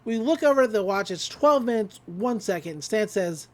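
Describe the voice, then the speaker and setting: A woman's voice: medium pitch, a little fast, few pauses. A woman casually recapping a cartoon episode, acting out the characters' lines with frequent laughs. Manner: animated retelling, acts out quotes, laughs often.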